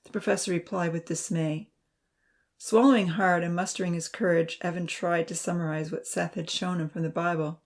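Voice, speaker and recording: A woman reading a chapter book aloud in an earnest, gentle storytelling manner. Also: lowish voice, steady tone, moderate pace. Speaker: reader.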